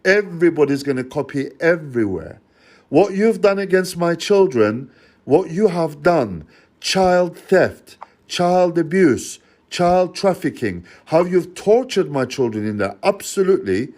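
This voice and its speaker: A man's voice: a little high, lively intonation, a little slow, a little mellow. A father on a phone call, accusing and confronting the person on the line in a heated rant. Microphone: phone call recording.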